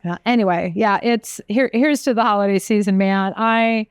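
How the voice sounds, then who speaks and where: With a mid-range, clear, resonant voice at normal speed, this woman chef co-hosts a podcast in a dry recording. She comes from an Italian American family and chats casually, an animated storyteller spinning rambling family food tales that trail off mid-sentence.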